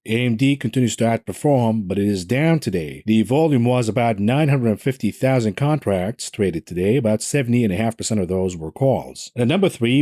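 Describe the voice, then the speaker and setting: Sardonic man with a mellow voice. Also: medium pitch, dry recording, studio quality. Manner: sardonic, mocking asides and jokes. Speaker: market commentator. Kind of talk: solo market recap commentary.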